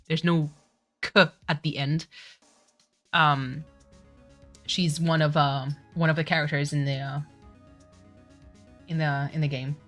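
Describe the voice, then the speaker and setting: Faint music plays behind a woman streamer whose first language is French, speaking slowly in a low, steady, slightly bright voice with long pauses. Her let's-play chatter is casual and giggly, full of apologies and self-corrections.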